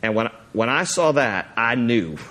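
Animated man telling a sermon story. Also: unhurried. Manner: animated storyteller, acts out the scene, voice jumps high when excited; rambling with restarts and fillers. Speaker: pastor.

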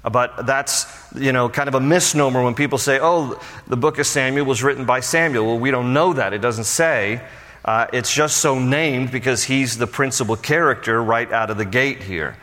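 A male pastor delivers a Bible teaching in a relaxed, conversational sermon style, weaving in personal asides. His voice sits at an ordinary middle pitch. It carries a long reverb, like a big church hall. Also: moderate pace.

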